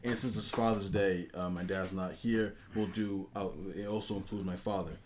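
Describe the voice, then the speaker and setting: Lower-voiced young man telling a story. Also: normal speed, a little hiss or hum. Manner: animated storyteller, acts out quotes in a rising voice. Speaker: podcast co-host. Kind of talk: casual storytelling chat.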